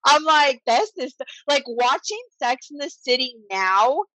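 A woman co-hosting a podcast, chatting casually in a sassy, animated way and swearing freely. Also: high voice, a little slow, no room sound, poor audio. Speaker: podcast co-host.

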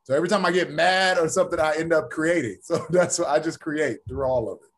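A man's voice: fairly high pitch, quick pace. A man, an actor and author, talking as a guest in a casual interview and telling stories with energy. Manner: animated storyteller, acts out quoted voices.

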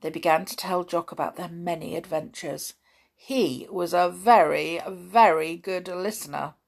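A woman narrating a children's storybook in a measured reading voice. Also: fairly low pitch, fairly even intonation, creaky.

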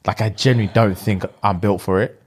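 This young man talks fast in a husky voice that sits on the low side. In a casual, slangy retelling of a movie's plot, he tells the story with energy and performs the characters' dialogue himself.

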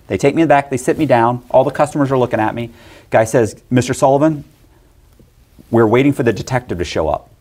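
With a medium-pitched voice, a middle-aged man animatedly recounts something that happened to him in relaxed talk, rapidly voicing the lines of the people in his story.

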